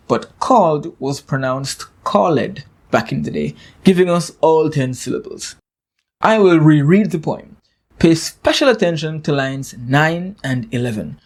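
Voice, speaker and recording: A man giving a scripted poetry lesson, explaining meter and structure in a clear, measured way and reading verse slowly with dramatic pauses. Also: a little high, a little mellow. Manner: slow, dramatic poem reading with deliberate pauses. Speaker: English literature teacher.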